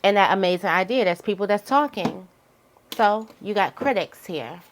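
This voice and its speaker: A woman giving a casual, candid tarot reading, now and then jumping into high voices to quote people. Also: animated, moderate pace, a little hiss or hum. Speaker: tarot reader.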